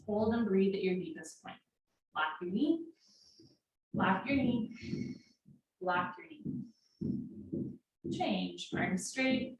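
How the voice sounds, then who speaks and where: A woman teaching a live yoga class from home, calling out poses in steady, directive short commands. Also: medium pitch. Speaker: yoga instructor. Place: home room. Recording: very echoey room, mic far off, faint noise.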